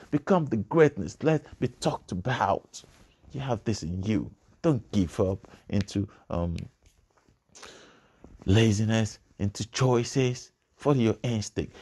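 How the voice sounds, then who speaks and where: A man's voice: lowish voice, darkish tone, breathy edge. A man giving a preachy motivational speech, repeating phrases and building to emphatic bursts. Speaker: motivational speaker.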